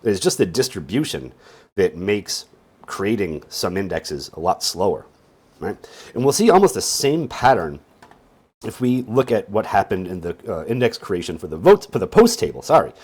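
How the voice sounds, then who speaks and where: A deep, slightly husky man talks through a casual tutorial, sounding sleepy. His delivery wanders up and down a lot, with wry little jokes tossed in between explanations. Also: big pitch swings, moderate pace, a little mellow. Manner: rambling, with wry joking asides. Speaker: database instructor. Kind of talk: casual screen-share tutorial.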